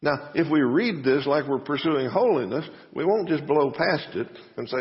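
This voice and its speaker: A pastor giving a conversational sermon full of rhetorical questions and a folksy manner. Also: male voice, on the high side, very animated, a little slow. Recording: muffled sound with long reverb.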